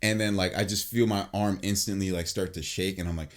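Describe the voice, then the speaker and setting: A man in his late twenties with a lowish voice tells a story on a podcast. He talks casually and animatedly, swears freely, restarts his sentences and leans on "like" and "I'm like" to act out the moment. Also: a little fast. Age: late 20s. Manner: animated and profane, filled with "like" and restarts. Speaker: podcast host.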